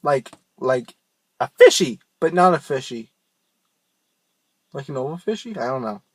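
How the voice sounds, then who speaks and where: A man's voice: mid-range voice, expressive, a little slow, breathy edge, dry recording. A young man giving a casual, rambling tutorial on screaming technique, joking at his own expense. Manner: rambling, self-mocking, loose and informal.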